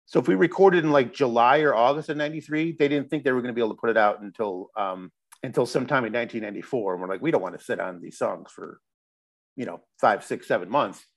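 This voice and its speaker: A man's voice: mid-range voice, quick pace, creaky. A middle-aged man from Chicago, a musician guest telling a long story in a loose, rambling way, restarting his sentences and swearing now and then. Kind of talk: casual storytelling interview.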